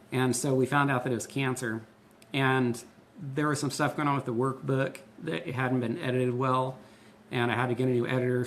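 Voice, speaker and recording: A man's voice: mid-range voice, a little hiss or hum. A man in his thirties, a pastor and host, explaining things in a casual, candid and earnest way. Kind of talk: casual conversational teaching.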